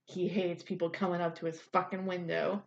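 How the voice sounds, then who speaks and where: A woman co-hosting a podcast, dropping deadpan jokey asides and swearing. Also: fairly low pitch, fairly quick, creaky, muffled recording. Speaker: podcast co-host. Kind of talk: casual recap chat.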